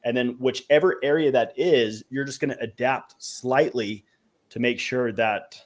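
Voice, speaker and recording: A man co-hosting a casual business podcast, giving direct, energetic sales advice. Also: mid-range voice, measured pace. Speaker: co-host and realtor.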